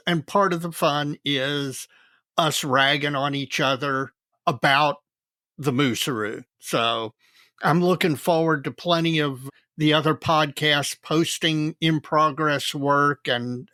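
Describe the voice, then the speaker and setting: A man co-hosting a podcast in casual chat, easygoing and quick to laugh. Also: a little high, bright, forceful tone, no room sound, studio quality. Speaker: podcast co-host.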